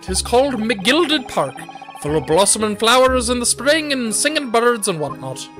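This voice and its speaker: A grandiose, boastful rich gentleman with a put-on Irish lilt, as a game streamer acts him out. The voice swings widely in pitch and stays indignant and theatrical, with game music playing behind it. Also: very animated, normal speed. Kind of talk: reading game dialogue aloud.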